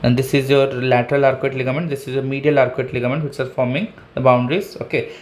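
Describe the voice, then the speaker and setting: A man's voice: mid-range voice, flat delivery, quick pace. A man with an Indian English accent giving an online anatomy lecture, explaining step by step, saying "okay" often and pointing at a diagram. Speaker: anatomy teacher.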